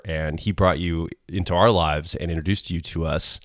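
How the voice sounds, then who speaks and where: A man's voice: low-pitched, fairly even intonation, normal speed, hardly any pauses, no echo, clean studio sound. A man hosting a podcast, introducing a guest in a rambling, filler-heavy way. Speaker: podcast host. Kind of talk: casual interview chat. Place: home recording.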